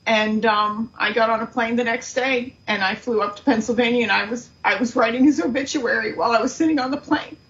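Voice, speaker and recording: A middle-aged woman, a guest on a talk show, telling a painful story in an earnest, halting way. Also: on the high side, fairly bright tone, muffled recording. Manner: earnest, grief-stricken, halting. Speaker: guest, aunt of the subject. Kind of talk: emotional interview storytelling.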